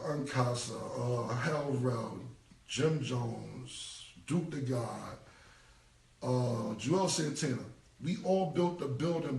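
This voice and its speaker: A man's voice: medium pitch, creaky, darkish tone, reverberant, recorded from a distance. A man in his forties with a New York accent, ranting bluntly in street slang and cursing on a casual live stream. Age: 40s. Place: indoor room, live stream. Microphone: phone mic.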